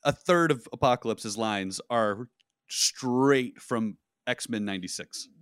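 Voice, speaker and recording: A man's voice: medium pitch, takes it slowly, a bit bright, smooth, dry recording, clean studio sound. A man co-hosting a casual movie review podcast, blunt and riffing, with some swearing. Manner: blunt, swears, riffs on ideas. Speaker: podcast co-host.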